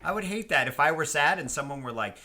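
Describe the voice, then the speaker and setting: Bright-voiced man rambling casually. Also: fairly high pitch, lively intonation, fast. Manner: loose, rambling and profane, with frequent restarts. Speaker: podcast co-host. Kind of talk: casual chat.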